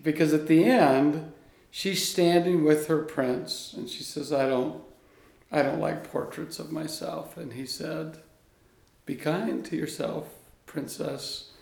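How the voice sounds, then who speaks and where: A man guest in an interview, a coach speaking in an earnest, animated storytelling way. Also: fairly high pitch, slow pace, vocal fry. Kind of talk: conversational interview. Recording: echoey room.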